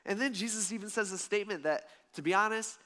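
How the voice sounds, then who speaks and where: A male pastor preaching a sermon, telling a parable with lively, animated delivery. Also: sits high, fast talker. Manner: lively storytelling preacher, acts out voices in the parable.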